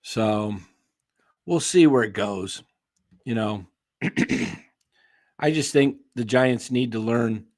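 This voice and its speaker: A man's voice: mid-range voice, takes it slowly, pauses often, a little mellow, no room sound, clean studio sound. A man hosting a casual sports talk stream, opinionated and rambling, answering viewers by name while his voice wears thin. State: losing his voice, clearing throat. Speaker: sports show host. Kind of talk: casual live-stream commentary.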